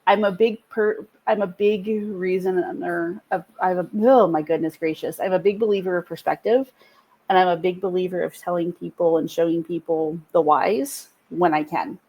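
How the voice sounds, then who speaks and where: A woman's voice: fairly low pitch, steady tone, normal speed, a little mellow, slightly rough, poor audio. A woman co-hosting a faith podcast, telling a personal story in an earnest, heartfelt way that rises with feeling. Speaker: podcast co-host. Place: podcast studio.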